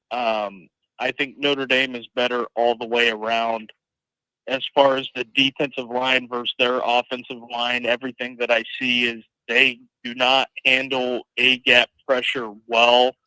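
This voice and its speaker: Slow-talking male caller, crisp voice. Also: medium pitch, sharp tone, no room sound, low-quality recording. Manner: slow, hesitant, with many ums. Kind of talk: phone-in sports opinion.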